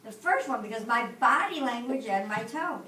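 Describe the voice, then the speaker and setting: A woman's voice: fairly high pitch, expressive, moderate pace, sharp tone. A woman teaching a class, patiently asking her students questions and walking them through steps. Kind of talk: classroom lesson. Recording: echoey room, distant mic, noisy.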